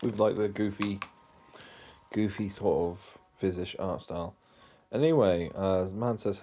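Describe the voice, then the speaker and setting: A man's voice: sits low, unhurried. A man casually commenting while he plays through an old video game and reads its dialogue aloud. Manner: relaxed, rambling asides. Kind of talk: casual let's-play commentary.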